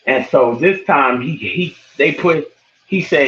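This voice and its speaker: A man's voice: takes it slowly, husky. Wheezy man retelling a movie, lo-fi. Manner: animated storyteller, acts out quotes in a high excited voice. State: a little wheezy, out of breath. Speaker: online show host. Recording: dull lo-fi sound.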